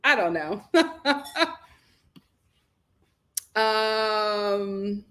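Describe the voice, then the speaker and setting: A woman hosting a casual livestream from home on a computer mic, chatty and animated, laughing often as she reads viewer comments aloud. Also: medium pitch, very slow. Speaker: livestream host.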